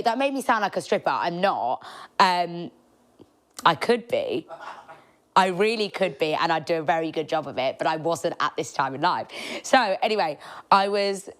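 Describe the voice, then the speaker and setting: Lively, cheeky woman. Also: low-pitched. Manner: animated, chatty, cheeky, laughs often. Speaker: podcast host. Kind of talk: casual storytelling monologue.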